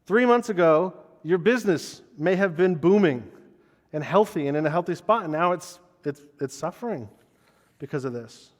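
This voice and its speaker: A man's voice: a little high, lively intonation, normal speed, big-room sound. A man preaching a conversational sermon as pastor, earnest and personal, often repeating words as he restarts a thought.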